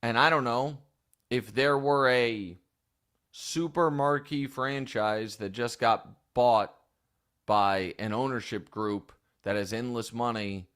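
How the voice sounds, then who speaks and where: An opinionated male sports talk host. His voice sits at an ordinary middle pitch, and he builds his points in long, rambling, thinking-aloud runs, like casual studio commentary. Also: slow pace, a bit bright, smooth.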